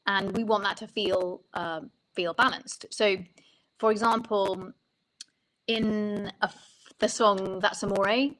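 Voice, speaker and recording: A woman's voice: medium pitch, measured pace, a bit bright, low-quality recording. A woman songwriting coach explaining ideas in an interview, talking thoughtfully and often restarting her sentences.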